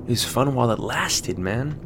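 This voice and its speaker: A man's voice: medium pitch, animated, normal speed, background noise. An American man hosting a podcast, rambling casually with lots of fillers and swearing. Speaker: podcast host. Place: Sydney.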